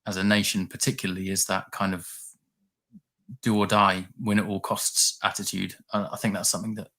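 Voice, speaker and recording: A man speaking as a guest pundit in a casual chat over a video call. His voice is lowish, and he halts and repeats words as he works out his point. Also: little pitch movement, bright, forceful tone. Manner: halting, repeats words as he thinks.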